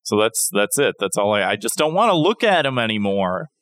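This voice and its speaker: A man co-hosting a comedy podcast, with a middle-pitched voice that swings lively through his lines. He delivers dry, wry asides, and the recording is close and dead with no room sound. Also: brisk, no room sound. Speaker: podcast co-host.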